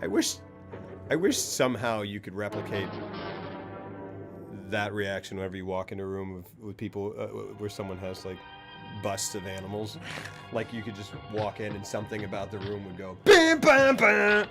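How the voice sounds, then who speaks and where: A man casually chatting on a live stream while watching a film, animated and playful, repeating words for laughs. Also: on the low side, fairly quick, loud music behind the voice. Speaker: stream co-host.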